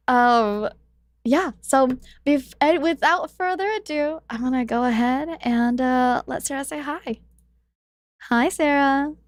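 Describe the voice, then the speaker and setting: A young woman chats as a podcast host, her voice sitting on the higher side. She jokes and teases her guest constantly, breaking into laughs. The sound is close and dry, with no room at all. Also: dry recording. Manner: playful, teasing, quick to laugh. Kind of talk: casual podcast chat.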